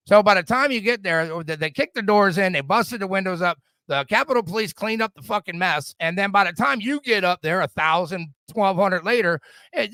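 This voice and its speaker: Fired-up profane man ranting, high bright voice. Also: no echo. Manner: profane, fired-up, repetitive stammering restarts. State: drinking whiskey. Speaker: podcast host. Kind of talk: casual political rant.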